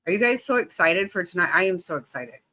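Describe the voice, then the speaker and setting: A woman hosting a casual livestream, greeting her viewers by name in a bubbly, excitable way and laughing often. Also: on the low side, a little fast, low-quality recording. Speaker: livestream host.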